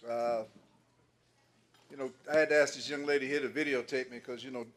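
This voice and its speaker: A man's voice: mid-range voice, fairly even intonation, a little fast, a bit bright. An older man doing stand-up comedy, telling folksy stories in a loose way and laughing at his own jokes.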